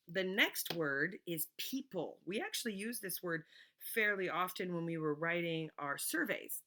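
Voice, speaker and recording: A woman teacher giving a remote reading lesson to young children, patiently sounding words out slowly letter by letter. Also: on the low side, a bit bright.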